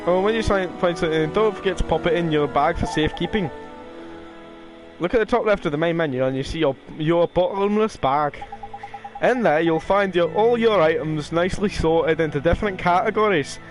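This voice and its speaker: A man's voice: fairly high pitch, fairly quick, over music, close to an everyday voice. A man reading game lines aloud as a cheeky little male fairy, trying for an accent. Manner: rough attempt at a regional accent, casual reading.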